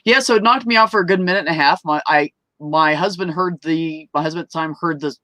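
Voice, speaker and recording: A woman telling a personal story at an open mic, animated, swearing freely and laughing mid-story as she acts out the people in it. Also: sits low, a little fast, hardly any pauses, no room sound. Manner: acts out quoted voices. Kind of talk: casual storytelling.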